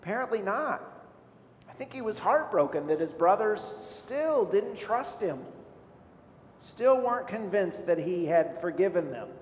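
A man's voice: sing-song, measured pace. A man preaching a sermon as a pastor, speaking earnestly and asking many rhetorical questions. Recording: echoey hall with faint low rumble.

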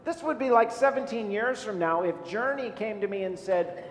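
A man's voice: lively intonation, moderate pace. A man preaching a sermon as a pastor, speaking earnestly and asking many rhetorical questions. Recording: echoey hall with faint low rumble.

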